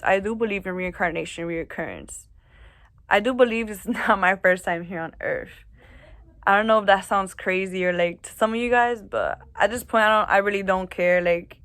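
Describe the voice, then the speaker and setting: A woman's voice: mid-range voice, a bit bright, no echo. A woman vlogging casually to camera, chatty and a little nervous, with many fillers and restarts. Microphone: camera mic, reading notes off camera.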